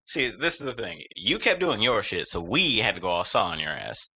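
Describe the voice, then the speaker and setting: An actor playing a cocky, wisecracking hired translator who twists every line on purpose. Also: male voice, lowish voice, sing-song, normal speed, bright, forceful tone, slightly rough, no echo, heavily acted. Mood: smug. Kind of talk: comedy audio drama.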